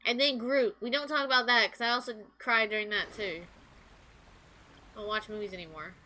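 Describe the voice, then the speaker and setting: A woman's voice: on the high side, steady tone, fairly quick, bright, forceful tone, low-quality recording. A young woman streaming a video game, rambling through casual commentary and anecdotes and swearing freely.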